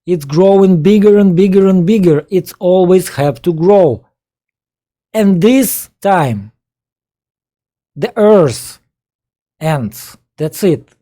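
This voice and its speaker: Russian-accented man, native Russian speaker, exasperated commentator; slow, dark delivery, broken English. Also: high voice, lively intonation. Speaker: political commentator. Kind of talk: reaction commentary on a played video.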